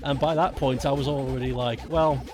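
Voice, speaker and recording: A man's voice: medium pitch, fairly even intonation, moderate pace, over music. A man chatting casually with his viewers while streaming a game, often laughing. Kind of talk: casual live-stream chat while gaming.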